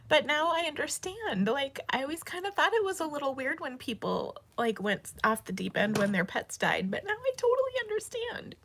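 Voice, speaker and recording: A middle-aged woman hosting a casual live stream, tearful and crying on and off, talking haltingly with many restarts and soft laughs. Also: sits high, animated, gravelly. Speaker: host of a craft live stream. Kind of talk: casual livestream chat.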